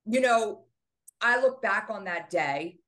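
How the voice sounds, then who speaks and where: A woman's voice: medium pitch, expressive, takes it slowly, bright, forceful tone. A middle-aged woman, a podcast guest and author, earnestly retelling a painful family loss with many fillers. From United States. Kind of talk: interview storytelling.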